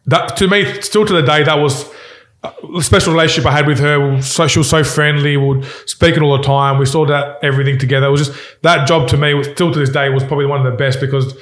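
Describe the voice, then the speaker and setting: A man, a company co-founder, telling a story in a casual interview. He rambles and restarts his sentences often, retelling events in an animated way. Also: on the high side, fast. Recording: echoey room.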